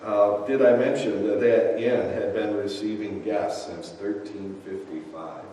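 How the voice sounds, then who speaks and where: A male pastor preaching a sermon, telling a personal story in a measured way. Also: on the low side, fairly even intonation, mellow, a little hiss or hum. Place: church sanctuary. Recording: echoey church hall, distant mic.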